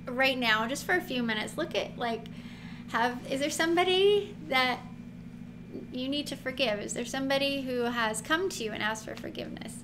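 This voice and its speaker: Brief: woman Bible teacher with a high voice, lively and chatty, noisy recording. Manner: chatty, animated, laughs often, acts out quotes. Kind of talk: casual Bible teaching to camera. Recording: noticeable background noise.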